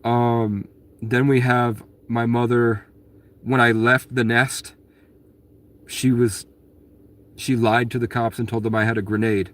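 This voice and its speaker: A man's voice: medium pitch, level tone, slow, long pauses. A man telling his own story to viewers in a casual monologue, rambling and aggrieved, with frequent restarts and blunt swearing. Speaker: vlogger answering viewer questions.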